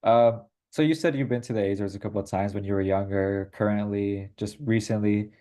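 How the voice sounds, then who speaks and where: A young adult man interviewing for an oral history project, asking questions and agreeing in a relaxed way. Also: lowish voice, brisk.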